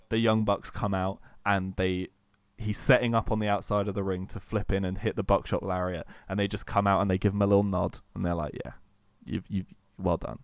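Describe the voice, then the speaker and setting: Brief: male podcast cohost, lowish smooth voice, dry close sound, eager rambling storyteller who acts out the quotes. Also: dry recording. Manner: excited storytelling, acts out quotes, many fillers. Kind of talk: casual chat.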